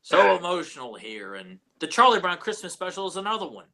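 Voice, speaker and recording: A man's voice: high-pitched, very animated, a little fast, creaky, pushed and bright. A man co-hosting a podcast in casual chat, hesitant and sentimental, often repeating his words as he talks. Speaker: podcast co-host.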